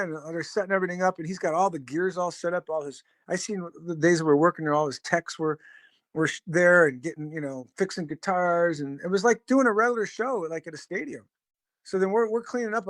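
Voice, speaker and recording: Middle-aged male drummer guest, a bit high-voiced, loose rambling anecdotes, dry close sound. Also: no echo. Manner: rambling, full of fillers and swearing. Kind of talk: casual storytelling.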